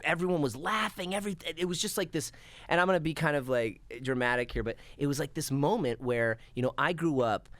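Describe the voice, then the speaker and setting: A little high and a little fast, his voice comes through a dry recording as he chats as a podcast guest. He tells stories with animation, acting out old scenes and laughing along.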